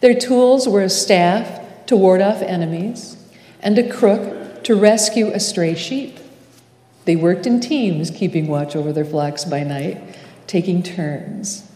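Slow, mellow-voiced woman preaching in echoey church. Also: on the low side. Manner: slow, measured preaching with dramatic pauses. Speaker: pastor. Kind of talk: sermon. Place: church sanctuary. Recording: echoey church hall with long reverb.

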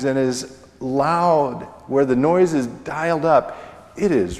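A middle-aged man preaching a sermon as pastor, slow and deliberate, pausing often and letting his phrases fall away at the ends. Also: mid-range voice, expressive. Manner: slow, deliberate preaching with pauses and falling endings. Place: church sanctuary. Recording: long church reverb.

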